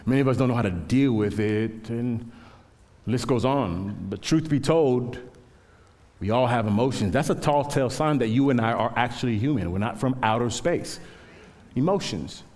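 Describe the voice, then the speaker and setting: A man's voice: mid-range voice, normal speed, darkish tone, big-room sound. A man in his thirties preaching a sermon, telling stories with self-deprecating humor. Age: 30s. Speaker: pastor.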